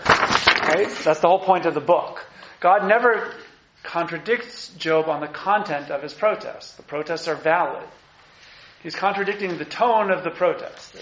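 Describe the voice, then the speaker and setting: A man giving a lively, conversational lecture on scripture and acting out the quotes, in a muffled, echoey room recording. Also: a little high, normal speed. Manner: animated, conversational, acts out quotes. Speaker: teacher.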